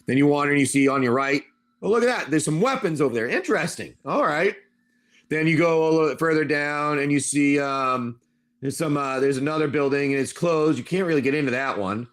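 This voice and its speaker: A man's voice: on the high side, animated, a little fast. A man hosting a live stream who narrates a tabletop wasteland adventure as game master, rambling loosely and calling on his players by name.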